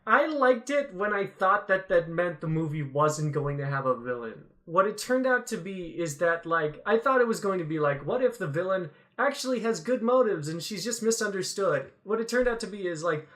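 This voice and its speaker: A chatty man riffs in a relaxed podcast conversation, laughing easily. His voice is bright and sits a little high. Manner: playful, chatty, quick to laugh. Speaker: podcast co-host. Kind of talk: casual chat.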